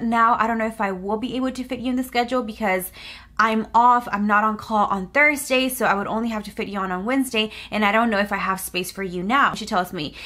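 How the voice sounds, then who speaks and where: A young woman vlogger telling her story in a chatty, animated way, acting out the dialogue as she goes. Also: on the high side. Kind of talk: storytime vlog.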